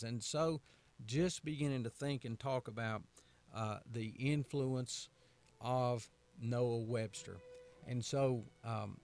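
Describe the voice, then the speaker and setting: Gravelly and darkish in tone at a medium pitch, this Southern-accented pastor from North Carolina hosts a folksy radio talk. He repeats phrases and asks rhetorical questions.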